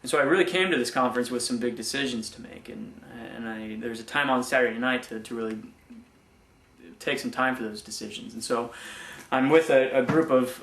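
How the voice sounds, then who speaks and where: A young man giving a personal faith testimony, speaking haltingly with many restarts and repeated words. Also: medium pitch, a bit bright, echoey room. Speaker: former missionary giving testimony.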